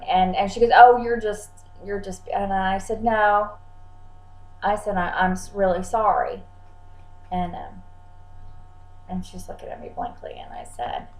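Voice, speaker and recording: Woman psychic giving chatty advice, mid-pitched voice, roomy echo. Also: gravelly. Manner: chatty, repeats words, acts out clients' lines. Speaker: psychic channeler. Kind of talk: casual vlog advice.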